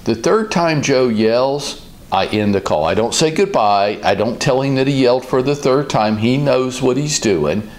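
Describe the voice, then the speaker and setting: A man hosting a business advice talk, speaking in a calm, measured and direct way. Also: mid-range voice. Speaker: host, business coach.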